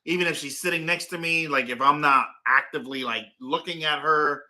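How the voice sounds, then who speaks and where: A man's voice: on the high side, fairly quick, pushed and bright. A man hosting a casual chat from his couch at home, rambling and telling stories with lots of fillers. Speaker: show host.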